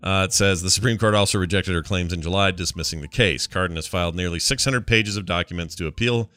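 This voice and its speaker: A low-pitched man with a bright, forceful tone reads strange news items aloud on a casual chat show. He drops wry asides between the quotes, and his voice is recorded dry and close. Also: fast, no echo. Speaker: podcast co-host.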